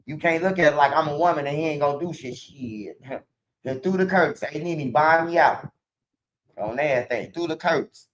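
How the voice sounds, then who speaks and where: A man's voice: on the high side, moderate pace, a bit bright. Man ranting in profane street talk. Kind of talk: casual monologue to camera. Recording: dull lo-fi sound.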